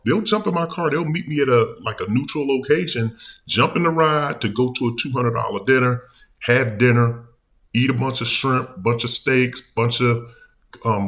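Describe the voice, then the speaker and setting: A man hosting a reaction commentary, talking in a rambling, halting way with many fillers and restarts. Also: fairly low pitch, a bit bright. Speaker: commentary channel host.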